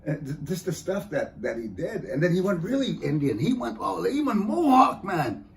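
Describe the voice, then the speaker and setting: A man's voice: high-pitched, sing-song, normal speed, gravelly, slight background noise. A man doing a joking stand-up comedy set in an event hall, often slipping into teasing mock voices. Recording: echoey room heard from a distance.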